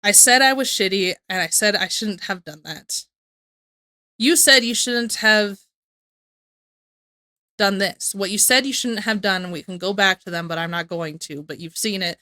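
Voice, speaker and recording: A young woman comments on a video she is watching, in a loose, rambling way that keeps circling back in exasperation. Her voice is bright and forceful. The sound is dry and close to the mic. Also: mid-range voice, brisk, hardly any pauses, dry recording. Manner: rambling, exasperated, repeats herself. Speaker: reaction streamer.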